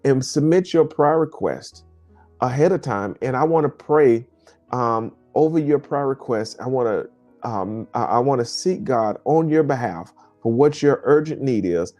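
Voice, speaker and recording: A male pastor with a warm, mellow voice preaches to an online audience and has them repeat declarations after him. He speaks straight to his viewers and calls some of them by name. Soft music plays faintly underneath. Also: mid-range voice, animated, a little slow, muffled recording. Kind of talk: livestream sermon and prayer call.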